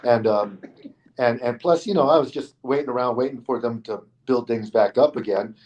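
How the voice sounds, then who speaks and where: A middle-aged man, a stuntman guest on an interview show, tells a story in an easy, animated way. His voice sits at an ordinary mid pitch, and he jumps into the other people's lines as he goes. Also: normal speed, lo-fi sound. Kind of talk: casual anecdotal storytelling.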